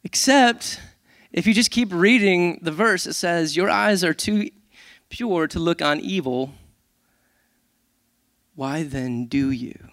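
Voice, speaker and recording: A man who is a worship leader, giving a casual, animated sermon with self-deprecating humor. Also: high voice, unhurried, no echo, studio quality.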